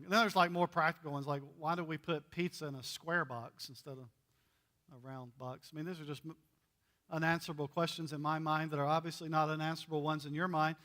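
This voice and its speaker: A man's voice: on the high side, sharp tone. A male pastor giving a sermon in a church, conversational and playful, acting out the dialogue as he goes. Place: church sanctuary.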